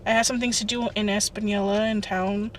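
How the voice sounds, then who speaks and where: A woman's voice: mid-range voice, little pitch movement, brisk. Chatty young woman vlogging from a car. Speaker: lifestyle vlogger. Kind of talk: casual chatty vlog talk. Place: inside a parked car under a tree. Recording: distant mic with air conditioner hum. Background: air conditioner running.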